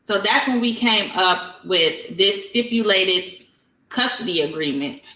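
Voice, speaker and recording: A woman's voice: medium pitch, lively intonation, unhurried, bright, forceful tone, low-quality recording. A woman going through a custody agreement in a matter-of-fact, dismissive way. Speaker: parent explaining a custody agreement. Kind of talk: reading out a document.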